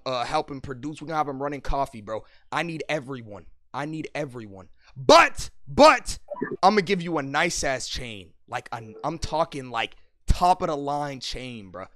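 A young man streaming as he rates viewers' songs, swinging from hyped yelling to low mock-serious muttering. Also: no echo, studio quality. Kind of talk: loud reaction commentary.

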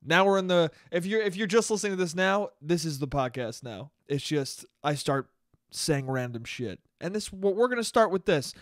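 Young guy, fairly high voice, dry close sound, swears a lot and mocks himself in a loose solo podcast rant. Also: lively intonation, moderate pace, no echo. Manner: profane, rambling, self-mocking. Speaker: podcast host and comedian. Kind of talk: casual solo podcast monologue.

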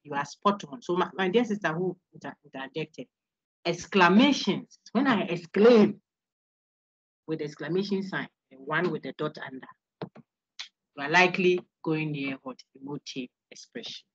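A woman's voice: low voice, normal speed, breathy edge, no room sound, highs cut off. A woman lecturer, giving an interactive online lecture, laughing often and quizzing her students. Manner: animated, laughs often, asks students questions. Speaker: university lecturer.

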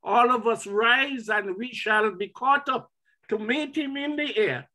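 A man's voice: extremely high pitch, unhurried, bright, forceful tone. A man speaking at a memorial service, stammering with emotion before rising into fervent preaching about heaven. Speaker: family member speaking at a memorial.

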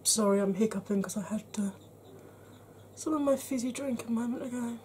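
A middle-aged woman reviews makeup to camera in a mellow, warm voice. She chats frankly with dry humour and sometimes drops to a soft half-whisper. Faint noise hums behind her. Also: on the high side, brisk. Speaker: beauty vlogger.

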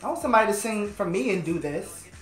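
A man's voice: high voice, expressive, fast talker, fairly bright tone, echoey room. A man hosting a music video reaction, gushing and playful as he comments. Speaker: host of a music reaction channel.

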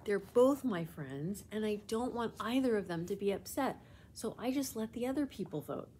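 A woman's voice: medium pitch, expressive, normal speed, warm tone, slight background noise, close to an everyday voice. A woman voicing an earnest, sheepish young schoolboy in a storybook read-aloud, speaking in a raised, apologetic tone. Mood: explaining.

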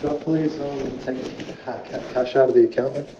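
A man's voice: medium pitch, steady tone, brisk, highs cut off, background noise. A man filming himself in a bank lobby on his phone, arguing indignantly and repeating himself. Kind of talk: confrontational street filming. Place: bank branch lobby, indoors.

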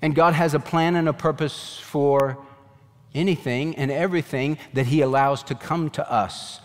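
Emphatic preacher in a reverberant hall. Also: male voice, on the high side, fairly even intonation, moderate pace. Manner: earnest, rising emphatic preaching with pleading questions. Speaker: pastor. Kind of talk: sermon.

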